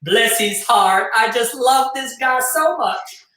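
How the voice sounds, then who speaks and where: Brief: man doing a hammy folksy Southern twang, raised pitch, booming room echo. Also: lively intonation, slow pace, bright, forceful tone, a little hiss or hum, exaggerated voice. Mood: gushing. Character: man putting on an exaggerated Southern American drawl. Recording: echoey room.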